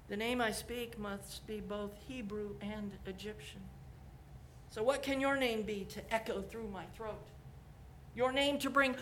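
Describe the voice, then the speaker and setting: A woman voicing Moses as an earnest, searching man, in her own slow storytelling voice. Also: on the high side, slight background noise, close to an everyday voice.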